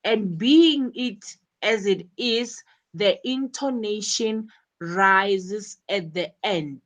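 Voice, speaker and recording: A woman's voice: mid-range voice, drawn-out words. A woman teaching an English lesson, explaining step by step and repeating words as she goes. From South Africa.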